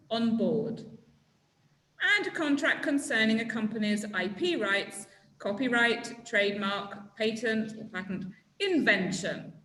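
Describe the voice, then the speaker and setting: A woman's voice: fairly high pitch, bright, forceful tone, echoey room, rough recording. A woman teaching a legal English class, prompting students to fill in words and praising their answers. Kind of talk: classroom vocabulary lesson.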